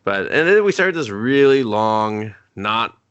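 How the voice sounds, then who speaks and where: A man's voice: on the low side, very animated, unhurried, fairly bright tone, clean tone, dull audio. A man co-hosting a movie review podcast in casual chat, cursing freely as he acts out scenes.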